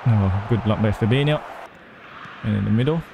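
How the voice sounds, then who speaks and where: A man's voice: fairly low pitch, moderate pace, creaky, over music, crowd noise. A young man giving gameplay commentary, talking himself through moves and groaning or cheering at each play. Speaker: gamer.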